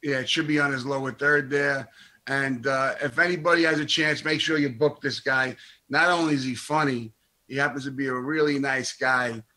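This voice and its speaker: A man's voice: mid-range voice, steady tone, normal speed, pushed and bright. A man co-hosting a talk show, bantering with his guest in a jokey, friendly way. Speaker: co-host.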